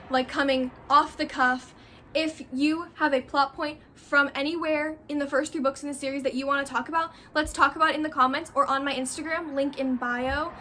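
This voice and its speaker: A woman with a high, sharp-edged voice chats about a book straight off the cuff. She gushes and rambles, circling back to repeat her favorite phrases. It comes across as unscripted, excited fan talk. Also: slight background noise. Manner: gushing, effusive, repeats herself for emphasis. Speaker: book vlogger.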